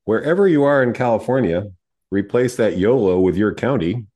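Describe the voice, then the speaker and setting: Man, radio garden show co-host, deep voice, mellow tone, relaxed and explanatory. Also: moderate pace. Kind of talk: casual radio chat.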